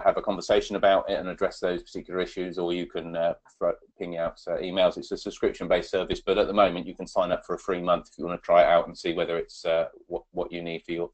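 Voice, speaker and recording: A man's voice: low-pitched, a little mellow. A man presenting a webinar on data protection, talking with many ums and restarts as he answers audience questions.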